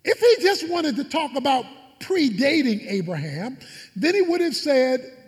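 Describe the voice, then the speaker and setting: High-voiced preacher, lively in a hall. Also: male voice, unhurried. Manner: preaching with rising fervor and emphatic repetition. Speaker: pastor. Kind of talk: sermon.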